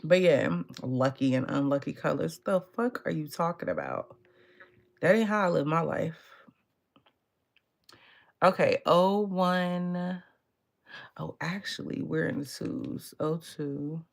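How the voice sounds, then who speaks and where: A woman's voice: sits low, lively intonation, slow pace, vocal fry, long pauses. A woman tarot reader talking in a casual, blunt and profane way, laughing often. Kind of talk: casual live tarot reading.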